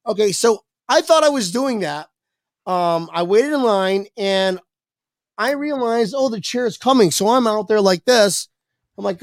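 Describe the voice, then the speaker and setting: A man's voice: high-pitched, animated, moderate pace, dry recording. A young man casually telling a long, rambling, self-mocking story, swearing freely and acting out his own lines. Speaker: podcast guest.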